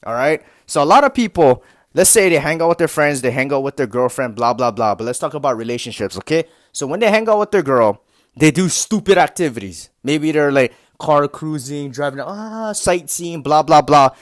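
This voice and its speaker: A young man talks straight to his viewers about relationships. His voice sits a little high for a man. He is blunt and swears freely, and he keeps dropping in filler phrases and mocking imitations. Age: young adult. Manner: blunt, swears often, animated mocking asides; heavy use of filler phrases. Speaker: motivational content creator. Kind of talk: casual advice monologue.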